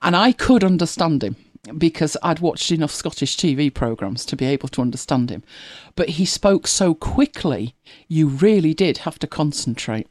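A woman's voice: low-pitched, animated, normal speed, hardly any pauses, darkish tone, dry recording, clean studio sound. A woman, co-hosting a casual chat and telling stories with laughing asides. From northern England. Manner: chatty storytelling, lots of laughing asides. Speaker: co-host.

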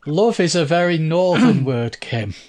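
A man's voice: a little high, big pitch swings, measured pace, darkish tone. A man co-hosting a casual chat, adding short, dry comments and telling anecdotes. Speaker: co-host.

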